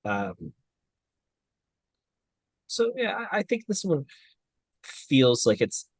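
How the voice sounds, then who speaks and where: A man's voice: on the high side, wildly swooping pitch, slow pace, no room sound. A man co-hosting an anime review podcast, talking casually in a thoughtful, slightly hesitant way. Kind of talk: casual chat.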